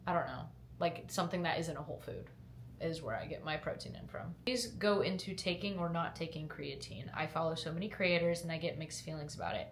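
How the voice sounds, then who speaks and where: With a lowish, slightly bright voice and a little hiss or hum, this young woman chats to camera in an echoey room, answering viewers' questions. Raised in Georgia and from upstate New York, she speaks with a light Southern twang, candid and filler-heavy as a fitness lifestyle vlogger, getting upbeat when she motivates.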